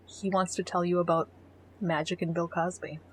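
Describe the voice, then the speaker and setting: A middle-aged woman co-hosting a podcast, blunt and sarcastic, swearing freely as she reads a dating profile aloud. Her voice sits a little low for a woman. A faint hiss runs under the recording. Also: little pitch movement, normal speed. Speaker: podcast co-host. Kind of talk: casual chat, reading a dating profile aloud.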